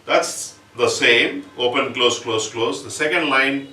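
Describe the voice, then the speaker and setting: A man's voice: mid-range voice, slow, recorded from a distance, over loud music. A man giving a percussion lesson, patiently explaining each step and chanting rhythm syllables. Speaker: percussion teacher. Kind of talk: music lesson with spoken syllables. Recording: roomy, from off-mic, with instrument playing.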